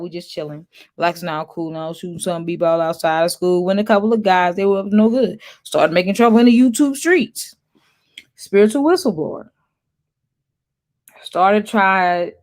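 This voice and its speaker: A woman chatting casually on her own livestream, in a mid-range voice that sits right in the middle for a woman. She talks loosely and reacts to viewer comments as she reads them out. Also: mid-range voice. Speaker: livestream host.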